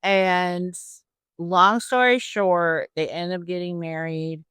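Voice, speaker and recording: Chatty woman host with a smooth voice. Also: on the low side, slow, no room sound. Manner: animated, chatty, slangy asides. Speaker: podcast host. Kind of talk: casual faith-based storytelling.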